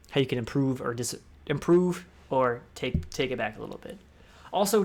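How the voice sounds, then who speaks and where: A young man from the United States giving a casual, rambling talk on public speaking, with restarts and asides. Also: medium pitch. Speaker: discord talk host.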